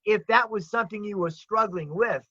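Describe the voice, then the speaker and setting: A man with a high, bright voice chats eagerly about comedy, often repeating himself for emphasis. He sounds close and dry through a dull, lo-fi video call connection. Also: moderate pace, slightly rough, no echo. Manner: chatty, enthusiastic, repeats words. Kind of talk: casual video chat.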